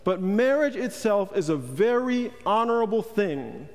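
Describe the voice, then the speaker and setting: A man's voice: sits high, big pitch swings, a little slow. A male pastor preaching a sermon in a conversational, joking way, putting questions to the congregation. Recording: long hall reverb.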